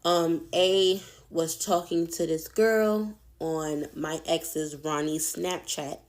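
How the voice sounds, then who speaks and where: A woman's voice: low-pitched, a little mellow. A young adult woman telling a personal story in a casual, candid, chatty way, swearing freely.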